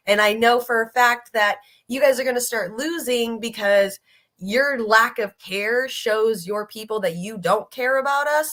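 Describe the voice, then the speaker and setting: A woman's voice: on the high side, fairly bright tone. A woman hosting a casual political livestream, talking bluntly and profanely, exasperated as she reads viewer comments aloud. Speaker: streamer host.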